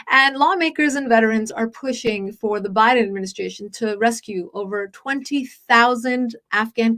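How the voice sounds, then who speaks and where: Chatty podcast host woman, rapid and filler-heavy. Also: on the high side, fairly bright tone. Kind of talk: podcast interview. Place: Los Angeles.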